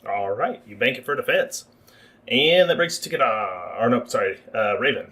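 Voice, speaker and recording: A man's voice: mid-range voice, animated, moderate pace, a bit bright. A man narrating as game master for a livestreamed tabletop game, explaining the rules at length.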